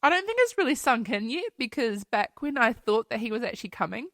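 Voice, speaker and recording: A woman's voice: fairly high pitch, sing-song, fairly quick, a bit bright, no room sound. Woman, solo podcast host; open-hearted, giggly, swears freely, dry close sound. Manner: candid and emotional, laughs often, swears casually. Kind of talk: casual solo podcast chat. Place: New Zealand home.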